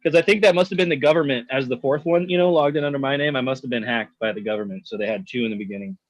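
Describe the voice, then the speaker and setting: A man's voice: mid-range voice, rapid-fire, dry recording, muffled recording. A man co-hosting a podcast, chatting casually with friends, laughing often and swearing freely in jokey banter. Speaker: podcast co-host. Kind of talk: casual chat.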